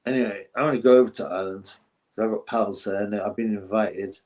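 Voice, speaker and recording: A man's voice: on the low side, steady tone, brisk, noisy background. Casual male streamer, loose rambling delivery, reacts to viewer comments. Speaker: boxing livestream host. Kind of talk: casual live-stream chat.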